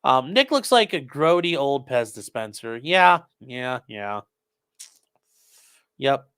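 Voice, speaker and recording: A man's voice: medium pitch, big pitch swings, slow pace, a bit bright, smooth. A man hosting a casual commentary stream, reading viewer messages aloud and answering them sarcastically. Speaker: host reading chat.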